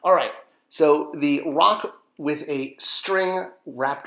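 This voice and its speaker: Brief: young man, slightly high voice, jokey host of a step-by-step drawing lesson. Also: a little slow, a bit bright. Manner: playful, self-mocking asides while sketching step by step. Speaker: drawing teacher.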